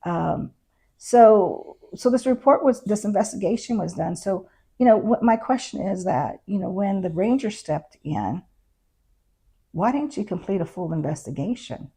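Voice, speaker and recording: A middle-aged former constable, appearing as an interview guest, tells her story casually and acts out what other people said, retelling events through quoted dialogue. Her medium-pitched voice is expressive, a bit slow, creaky, dark and husky.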